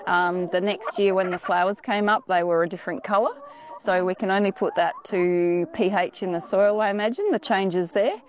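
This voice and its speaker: A woman farmer with an Australian accent, speaking outdoors in a relaxed interview with many "um" and "yeah" fillers. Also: mid-range voice, moderate pace, a little hiss or hum. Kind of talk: casual interview. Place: outdoors on a farm.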